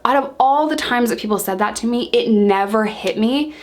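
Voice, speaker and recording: A young woman telling her own story to camera in casual talk, animated and acting out what she once said. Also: a little high, fairly quick, few pauses. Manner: animated, acts out her own past lines.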